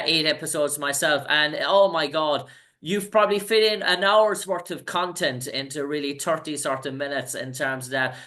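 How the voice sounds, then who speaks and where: A man's voice: on the high side, bright, forceful tone. An Irish man hosting an interview, asking long, rambling questions in a casual chat. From Ireland. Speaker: interview host.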